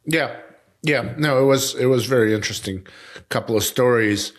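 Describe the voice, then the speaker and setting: A middle-aged man with a Russian accent, hosting a casual conversation, speaking haltingly with many fillers and restarts. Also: mid-range voice. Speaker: editor and podcast host.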